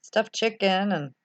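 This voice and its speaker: A gravelly, medium-pitched woman runs a casual livestream, reading her chat and reacting to it in a rambling way. Audio quality is lo-fi and somewhat dull.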